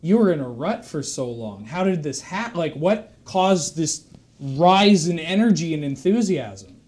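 Man playing excitable cow buddy, loyal, amazed, slightly high everyday voice. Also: measured pace. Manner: amazed, enthusiastic.

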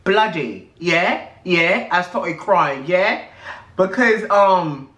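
A man's voice: high-pitched, a little slow, a bit bright. A man putting on a chatty British gossip voice who ends nearly every sentence with a questioning "yeah?", in a roomy, echoey recording. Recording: roomy echo.

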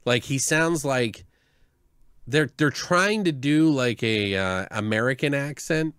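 A man's voice: medium pitch, expressive, takes it slowly, fairly bright tone, smooth, no echo, clean studio sound. A man co-hosting a podcast, reviewing a movie in casual chat. He rambles, swears, laughs often and mimics the characters. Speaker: podcast co-host.

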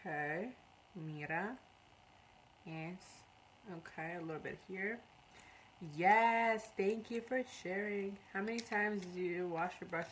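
A woman's voice: medium pitch, takes it slowly, slight background noise, rough recording. A woman doing a casual live makeup tutorial, chatty, switching between English and beginner's Spanish, with a runny nose. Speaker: makeup artist streaming live.

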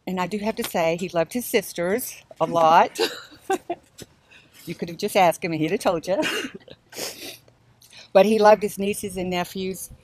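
A woman's voice: fairly low pitch, measured pace, pauses often, a little mellow. An older woman giving a chatty eulogy in a church, laughing as she shares stories. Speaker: family member giving a eulogy. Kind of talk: memorial speech.

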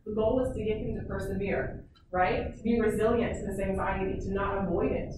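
A woman's voice: medium pitch, steady tone, brisk. Female psychologist, casual presenter, constant "okay?" check-ins; distant mic, reverberant hall, audible room noise. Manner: chatty, peppered with "okay?" checks. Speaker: psychologist giving a parenting talk. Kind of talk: informal presentation to parents. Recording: echoey room, mic far off, noisy.

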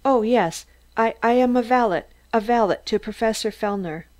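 A woman's voice: on the high side, moderate pace, a little mellow, no room sound, close to an everyday voice. A woman voicing a nervous young male valet who stammers and hesitates.

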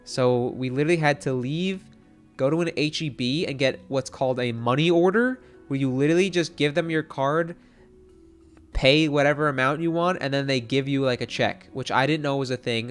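A man's voice: medium pitch, brisk, clear, resonant tone, faint music behind. Rambling young man telling a story. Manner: rambling, heavy on "like" fillers and swearing. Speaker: streamer. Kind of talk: casual storytelling rant.

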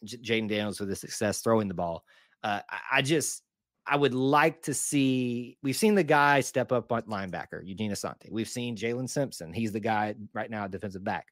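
A man's voice: on the low side, moderate pace, no room sound, studio quality. A man co-hosting a casual sports podcast, chatty and enthusiastic, with folksy exclamations. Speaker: podcast co-host.

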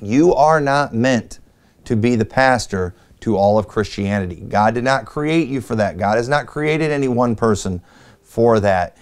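A male pastor teaching a church on preaching, his voice smooth and resonant at a middle pitch. He exhorts in an earnest, direct way and reads scripture aloud in old-fashioned wording.

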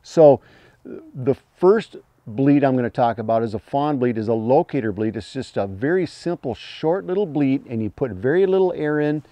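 A man teaching hunting calls in a plain-spoken, folksy way, breaking into high imitated fawn cries as he explains. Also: expressive, normal speed, mellow, dry recording. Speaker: hunting call instructor. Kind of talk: instructional talk.

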